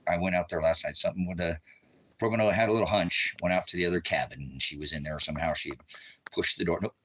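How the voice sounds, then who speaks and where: A man preaching and rambling in a home vlog, talking fondly to his dogs and dropping to hushed murmurs. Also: low-pitched, quick pace, slight background noise, low-quality recording. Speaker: ranch ministry preacher.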